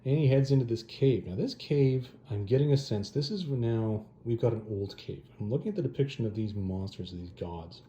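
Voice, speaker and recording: A man's voice: medium pitch, normal speed, few pauses, mellow, lo-fi sound. A man hosting a comic review channel, recapping a story in a casual, rambling way with offhand asides. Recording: echoey room with faint noise.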